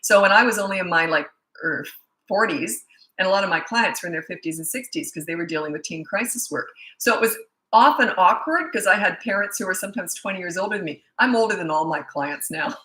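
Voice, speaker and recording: A chatty woman in her sixties with a bright, forceful voice talks casually to her viewers as a parenting coach. She reads their questions aloud and laughs easily, and her voice rings in an echoey room. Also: medium pitch, animated, fairly quick. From Canada. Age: 60s. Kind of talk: casual live Q&A chat.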